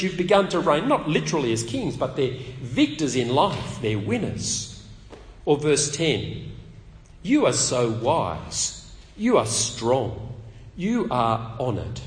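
A man preaching a sermon at a public meeting, talking conversationally and asking his listeners questions. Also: on the high side. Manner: conversational, asks the audience questions. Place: meeting hall. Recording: echoey hall with long reverb.

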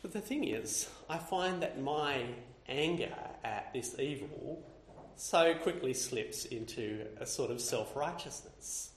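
A man's voice: mid-range voice, animated, takes it slowly, slight background noise. A man preaching a sermon, building his points in lists that grow more intense. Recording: roomy echo.

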